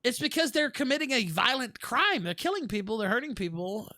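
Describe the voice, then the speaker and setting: High bright Southern man, dry sound. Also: very animated, brisk, no room sound. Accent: Southern American. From American South. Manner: folksy, rhetorical questions. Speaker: host. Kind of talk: casual political talk.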